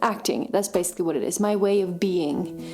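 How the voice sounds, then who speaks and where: A woman's voice: lowish voice, fairly quick, dark tone. A woman vlogging casually at home, chatty and self-deprecating, often laughing at herself. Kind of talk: casual vlog narration. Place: home living room. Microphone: camera mic, moved around.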